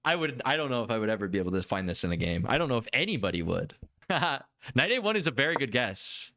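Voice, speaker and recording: A man streaming a chess game review, excitable and quick to exclaim and laugh as he talks to his viewers. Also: mid-range voice, no room sound, clean studio sound.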